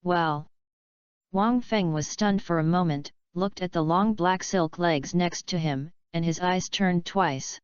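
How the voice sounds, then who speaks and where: A woman reads an audiobook in a steady, even way. Her voice is low and very clear. The recording is dry and slightly dull and lo-fi. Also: slow pace, no room sound. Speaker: audiobook narrator. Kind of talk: scripted narration.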